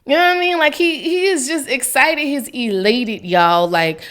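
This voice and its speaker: A woman's voice: high-pitched, lively intonation, normal speed, fairly bright tone. A woman hosting a casual faith vlog, chatty and giggly, talking straight to her viewers. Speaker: devotional vlogger.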